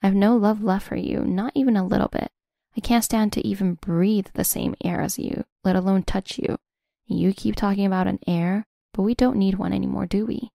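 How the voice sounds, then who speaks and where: A woman's voice: medium pitch, fairly even intonation, moderate pace, gravelly, mellow, dry recording, clean studio sound. Smug woman narrating a revenge story. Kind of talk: scripted first-person narration.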